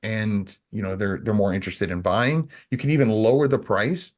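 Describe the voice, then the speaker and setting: Low-voiced man rambling on a podcast. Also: moderate pace, a little mellow. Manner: rambling, many restarts and "you know". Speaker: podcast co-host. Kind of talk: casual podcast chat.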